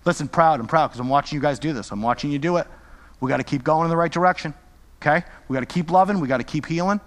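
A man's voice: fairly high pitch, racing, big-room sound. A male pastor preaching a sermon with impassioned, repetitive exhortations.

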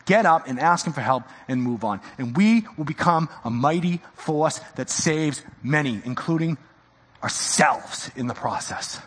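A male pastor preaching a sermon in a church, swinging from loud exhortation to hushed intensity. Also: a little high, animated, a little slow, husky, big-room sound.

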